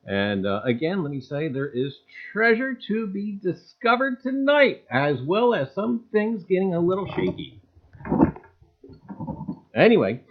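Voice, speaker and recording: Folksy male livestream host, high and bouncy pitch, dull lo-fi audio. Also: very animated, a little slow. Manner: folksy and repetitive, calls viewers "gang"; swings between loud greetings and low asides. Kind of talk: casual livestream chat greeting viewers.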